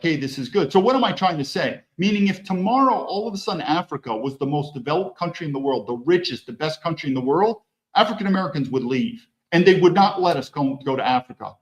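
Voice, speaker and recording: A man hosting a political commentary show, reacting bluntly to news clips with mocking asides. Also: on the high side.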